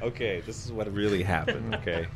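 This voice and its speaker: A man's voice: on the low side, brisk, a little hiss or hum. A man who served as a Marine corporal, chiming in with jokes and corrections in casual chat. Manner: jokey, chimes in with corrections. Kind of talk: casual chat among friends.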